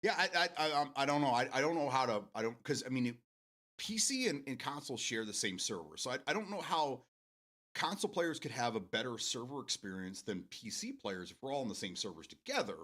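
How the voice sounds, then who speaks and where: A man hosting a casual gaming chat show from home. His voice is bright and forward, and his pitch swings widely as he rambles. He restarts his sentences constantly, swears freely and breaks into laughter. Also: sing-song, brisk. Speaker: show host.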